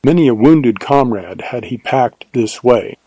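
A man reading a western novel aloud as narrator, in a measured, even storytelling manner. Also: mid-range voice, slightly rough, no room sound, rough recording. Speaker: audiobook narrator. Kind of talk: scripted narration.

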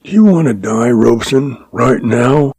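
A man doing a hoarse gravelly cowboy outlaw. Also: mid-range voice, expressive, normal speed, darkish tone, dry recording. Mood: threatening. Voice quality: hoarse, croaking. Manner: threatening, clipped commands.

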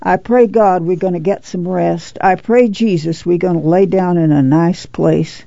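A woman's voice: lowish voice, steady tone, measured pace, creaky, dark tone, no echo, lo-fi sound. A woman voicing a weary, worn-out mother of a migrant family in plain rural speech.

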